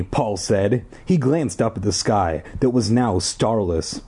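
A man's voice: fairly low pitch, lively intonation, slow pace, hardly any pauses, mellow, husky. A man reading a children's book aloud, breaking off for wry, profane asides. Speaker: audiobook reader.

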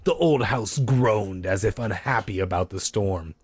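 Husky man reading a spooky book aloud. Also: on the low side, a little slow. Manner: playful, self-mocking, swears. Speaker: reader. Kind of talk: reading a children's book aloud with joking asides.

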